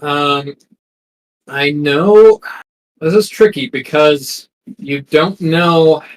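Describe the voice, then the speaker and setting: A man's voice: fairly high pitch, drawn-out words, rough recording. A man narrating a tabletop game as game master, hesitant and full of ums and restarts.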